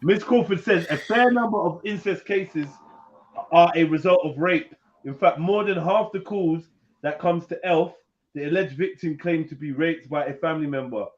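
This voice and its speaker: A man hosting a casual live panel, reading an article aloud haltingly with jokes, over a video call. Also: a little high. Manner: joking, reads aloud haltingly. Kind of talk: casual live-stream banter. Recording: dull lo-fi stream audio.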